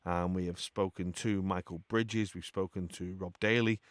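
A man's voice: low voice, fairly even intonation, normal speed, dry recording. A man from England hosting a radio football show, chatting casually and calling his guest pal. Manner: friendly, calls guest pal. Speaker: radio host. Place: radio studio.

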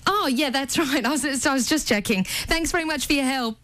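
A woman's voice: high-pitched, fairly quick, a bit bright, dry recording, pitched above the performer's own voice. A woman putting on an Australian accent to play a polite caller booking a hotel room in a prank call. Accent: put-on Australian. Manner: sweet, polite, rising at sentence ends. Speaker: radio host doing a prank call.

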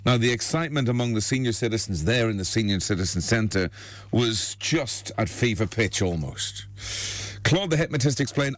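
A man's voice: mid-range voice, animated, moderate pace, dry recording. A man, a radio host who tells jokes in a chatty way and laughs often. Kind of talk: joke telling on radio.

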